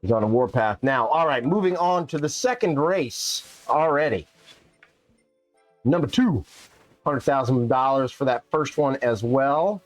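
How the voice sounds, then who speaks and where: Male streamer, animated pitch, playful live chat over faint game music. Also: a little slow, no room sound. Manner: playful, chatty, jokes with viewers and pets. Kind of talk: casual live-stream chat while gaming.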